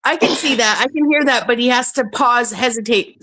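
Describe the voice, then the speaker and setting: A woman's voice: on the high side, lively intonation, fairly quick, sharp tone. A woman in casual voice chat, chatty and playful, laughing often.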